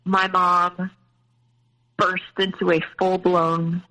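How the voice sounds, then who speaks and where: A woman's voice: lowish voice, flat delivery, slow, pushed and bright, rough recording. A woman guest telling a personal family story in an interview, hesitant, with many fillers and restarts.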